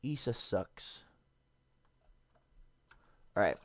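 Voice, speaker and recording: A man's voice: very slow, fairly bright tone, no room sound. A man streaming a game, casually thinking aloud and correcting himself as he reads and works things out. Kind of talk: casual gameplay commentary.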